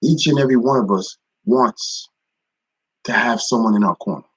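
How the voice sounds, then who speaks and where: A man's voice: medium pitch, lively intonation, moderate pace, creaky, husky, no room sound, low-quality recording. A man giving a casual spoken devotional, repeating phrases and greeting viewers by name. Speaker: ministry speaker. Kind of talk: live-streamed devotional talk.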